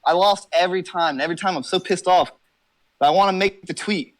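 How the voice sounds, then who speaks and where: A young man with a fairly high voice rambles through a casual interview from his car. He jokes and brags and swears constantly. He comes across as brash and over the top. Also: fast. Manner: brash, profane, rambling comic boasting. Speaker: interview guest.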